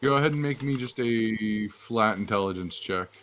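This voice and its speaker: A man's voice: lowish voice, moderate pace, fairly bright tone. A man narrating as game master of a tabletop game, hesitant with many fillers.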